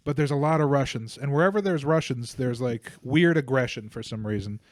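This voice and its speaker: A young Bulgarian man co-hosts a comedy podcast, laughing at his own jokes as he tells crude, rambling stories in casual comedic style. His mid-range voice moves briskly, and the studio-quality recording has no room sound.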